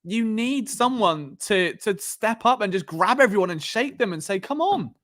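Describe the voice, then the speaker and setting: A man's voice: high-pitched, expressive, normal speed, fairly bright tone. Rambling English man on a live stream. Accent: Southern English. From England. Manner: rambling, conversational with frequent fillers and restarts. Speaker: podcast host. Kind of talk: casual live-stream commentary.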